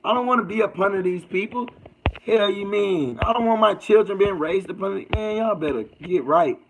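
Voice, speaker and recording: A man's voice: high voice, normal speed, noisy background. Slangy man chatting on a livestream. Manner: loose, preachy, slangy, repeats "indeed". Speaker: livestream host. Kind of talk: casual livestream chat reading comments.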